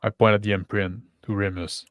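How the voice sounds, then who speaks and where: A man's voice: lowish voice, little pitch movement, a little fast, a bit bright, no echo, clean studio sound. A man playing a tabletop game, talking casually and checking in with the others. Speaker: player.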